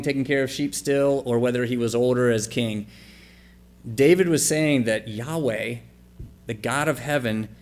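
A man preaching a sermon, reading scripture passages aloud and then explaining them in a conversational, questioning way. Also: mid-range voice. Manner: asks the congregation questions and spells out letters for emphasis. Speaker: pastor.

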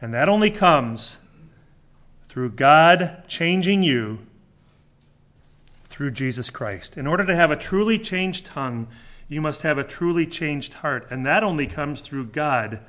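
A man's voice: on the high side, animated, a little slow, a bit bright. Man preaching with emphatic rhetorical questions. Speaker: pastor. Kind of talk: sermon.

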